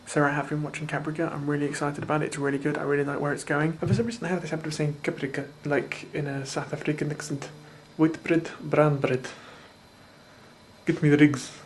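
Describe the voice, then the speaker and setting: A man's voice: on the high side, little pitch movement, rapid-fire, few pauses, a little hiss or hum. A young man chatting casually to the camera in a rambling, offhand, self-mocking way. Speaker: video blogger. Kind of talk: casual chat.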